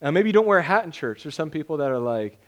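A man's voice: on the high side, very animated, quick pace. Conversational young male pastor. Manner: conversational, joking, acts out imagined voices. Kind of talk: sermon.

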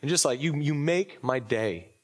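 A man's voice: on the high side, expressive, moderate pace. A man preaching a casual, joking sermon as a pastor at a church service, his voice slightly off while recovering, with many fillers and restarts. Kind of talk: conversational sermon.

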